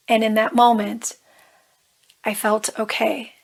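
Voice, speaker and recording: A woman's voice: a little high, flat delivery, a little slow, vocal fry. A woman coach telling a personal story in a vlog, earnest and emotional, with a touch of nervous humor. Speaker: life coach.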